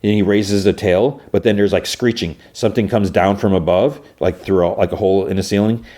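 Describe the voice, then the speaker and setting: Deep-voiced man rambling through a recap. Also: fairly even intonation, fairly quick, mellow. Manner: rambling, full of fillers and restarts. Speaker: podcast host. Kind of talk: casual episode recap.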